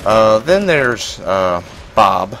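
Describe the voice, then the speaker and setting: A man's voice: fairly low pitch, big pitch swings, drawn-out words, a bit bright, slight background noise, rough recording. A young man giving casual gameplay commentary, rambling and self-deprecating, with lots of fillers and restarts. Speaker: gaming commentator.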